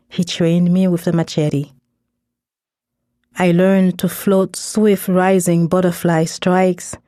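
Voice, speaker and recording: A woman reading first-person fiction aloud in a measured, intense storytelling manner on a close studio mic. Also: fairly low pitch, warm tone, no room sound. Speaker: story narrator.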